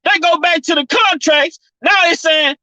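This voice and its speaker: Woman vlogger, high bright voice, dry close sound, profane and fired-up rant. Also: moderate pace, no room sound, highs cut off. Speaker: commentary vlogger. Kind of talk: heated opinion rant.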